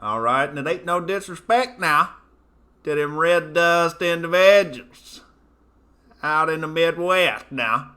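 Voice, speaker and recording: A man's voice: a little high, slow pace, sharp tone, voice pushed up. A man voicing a plain-spoken rural redneck with a put-on Southern drawl. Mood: folksy.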